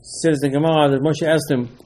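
A man teaching an animated Torah class, mixing Hebrew terms into his English and pressing rhetorical questions. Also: fairly high pitch, a little fast. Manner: repeats rhetorical questions, emphatic.

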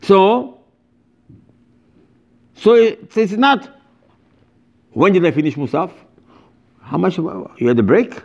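A man's voice: high voice, big pitch swings, slow pace, creaky, pauses often, highs cut off. A man giving an informal religious lecture as a rabbi, speaking emphatically and animatedly in broken English with many repetitions.

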